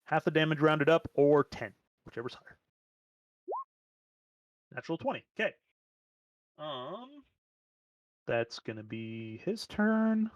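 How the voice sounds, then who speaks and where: Guy running a tabletop game, slightly high voice, dry room, calls the rolls matter-of-fact. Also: expressive, takes it slowly, long pauses, no room sound, muffled recording. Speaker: game master.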